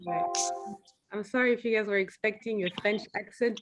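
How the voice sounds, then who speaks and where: A woman working as an NLP coach, speaking to a group on a video call and leading a slow, soothing breathing exercise. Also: mid-range voice, fairly even intonation. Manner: soft, slow and soothing when guiding the breathing. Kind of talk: guided breathing exercise and seminar talk. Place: home, late at night.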